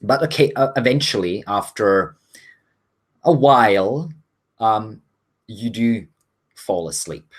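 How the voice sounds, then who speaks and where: A man narrating as game master of a tabletop game, unhurried and full of pauses and fillers. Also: lowish voice, husky. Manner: relaxed narration with frequent um and uh.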